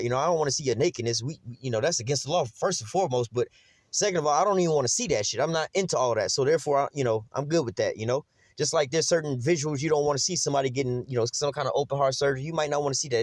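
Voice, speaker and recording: A man's voice: fairly high pitch, no echo. A man giving casual, rambling commentary on scripture, blunt and full of slang, often saying "whatever, whatnot" and "you see what I'm saying". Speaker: religious teacher.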